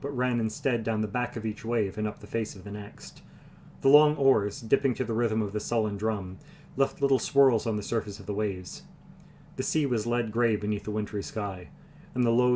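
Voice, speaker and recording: A man reading a fantasy novel aloud on a livestream, even and unhurried, with the occasional restart. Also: on the low side, slight background noise. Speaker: reader. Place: home livestream.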